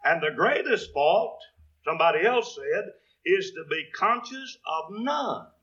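A man's voice: high-pitched, animated, a little slow, pushed and bright, highs cut off. A man preaching a sermon, quoting scripture in King James wording and building to emphatic peaks.

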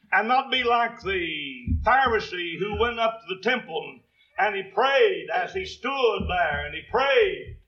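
A man preaching a sermon in a fairly high voice, taking his time. He quotes scripture in old-fashioned wording and swells to emphatic peaks. The recording sounds dull and lo-fi. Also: sharp tone.

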